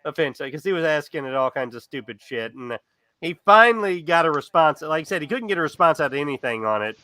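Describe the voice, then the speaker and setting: Bright, smooth-voiced male co-host. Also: a little high, expressive, fast talker, no room sound. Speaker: podcast co-host. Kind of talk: casual podcast chat.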